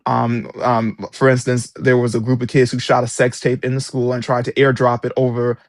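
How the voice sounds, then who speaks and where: A man speaking as an interview guest, recounting what he saw in classrooms with emphatic, indignant force. His voice sits at a middle pitch. The recording is dry and close, with no room sound. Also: monotone, normal speed, no room sound. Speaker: author and former substitute teacher.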